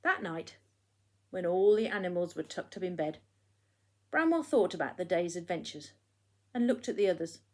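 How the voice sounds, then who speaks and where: A woman, a primary school teacher, reading a picture book aloud to children in an expressive storytelling way, hushing for the quiet moments. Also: fairly low pitch, normal speed, long pauses.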